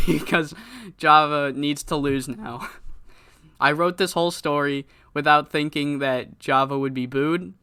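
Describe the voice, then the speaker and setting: A man casually narrating a wrestling game playthrough with profane, laughing, animated storytelling. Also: on the high side, slow pace, clear, resonant tone. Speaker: gamer narrating a wrestling sim. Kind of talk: casual, profane let's-play commentary.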